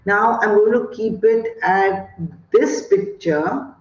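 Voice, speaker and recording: A woman from India with an Indian English accent, giving an online teacher training talk and telling classroom stories with many fillers. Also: mid-range voice. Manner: slow, storytelling, many fillers. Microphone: video call. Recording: echoey dull video call audio.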